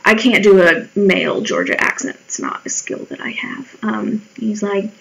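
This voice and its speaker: In this rough recording with a little background hiss, a woman in her twenties vlogs while she draws, telling casual, wry stories. Her mid-range voice is creaky and fairly bright, swinging widely in pitch at a normal speed with few pauses, and she swears freely and acts out her own remarks in quoted voices.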